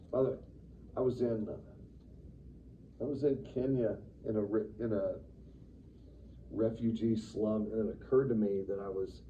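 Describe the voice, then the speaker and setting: Man, Sunday school teacher, lively conversational teaching, deep mellow voice, far from the mic, dull faint hiss. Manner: animated, conversational, acts out quotes with sudden loud bursts. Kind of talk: Bible class teaching. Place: church classroom. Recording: distant, dull room recording with faint noise.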